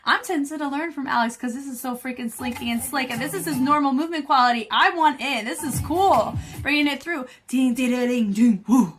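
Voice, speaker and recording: Enthusiastic woman choreographer, higher voice. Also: fairly quick, few pauses, fairly bright tone. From United States. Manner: scats and counts beats along with the music; enthusiastic and chatty. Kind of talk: dance reaction commentary. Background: faint music.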